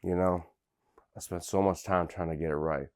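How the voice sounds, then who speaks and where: A man playing a dim, washed-up crunk rapper who rambles through an interview, filling every pause with fillers. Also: low-pitched, steady tone, darkish tone, lightly acted. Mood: boastful.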